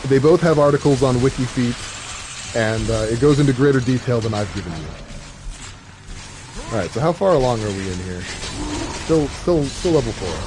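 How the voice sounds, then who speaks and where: A man's voice: medium pitch, lively intonation, moderate pace, pauses often. Rambling, joking male streamer. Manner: rambling, joking, many fillers. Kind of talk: casual gameplay chat. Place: home streaming setup. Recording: game audio noise underneath.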